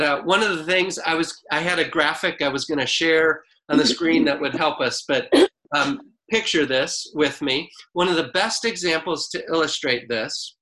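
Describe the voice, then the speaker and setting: A man preaching a sermon in a relaxed, conversational way, reading scripture slowly and deliberately. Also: fairly high pitch, low-quality recording. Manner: unhurried, conversational preaching with a few restarts. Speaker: pastor.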